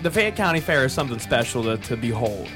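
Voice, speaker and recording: A man's voice: mid-range voice, very animated, fast talker, over music. A young man, hosting a casual podcast chat, rambling, swearing and laughing often.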